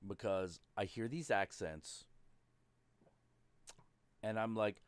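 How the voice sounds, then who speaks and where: A man's voice: on the low side, slow pace, long pauses, clear, resonant tone. A man hosting a live stream, chatting casually, swearing freely and slipping into mock voices. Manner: animated, profane, does mock voices. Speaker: host.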